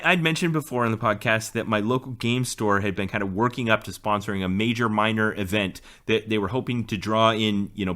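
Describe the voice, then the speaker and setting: A man's voice: on the low side, pushed and bright. A man in his forties, co-hosting a podcast in casual chat and explaining things in a storytelling way. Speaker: podcast co-host.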